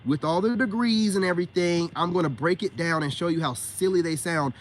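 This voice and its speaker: A man's voice: high-pitched, brisk. A middle-aged man ranting to his viewers on a livestream in an emphatic, slangy way, repeating words in bursts. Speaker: self-styled spiritual coach.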